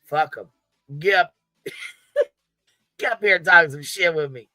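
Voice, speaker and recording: A man hosting a commentary livestream, loud and profane, laughing often as he trash-talks. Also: a little high, measured pace, no room sound. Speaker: livestream host.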